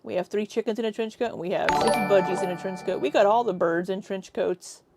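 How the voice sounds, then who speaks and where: A woman's voice: medium pitch, a little fast, a little mellow, soft background music. A woman streamer talking through clips in a loose, chatty way, with a mid-range voice. She throws in sarcastic asides and laughs easily. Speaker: reaction streamer. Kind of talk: casual commentary over clips.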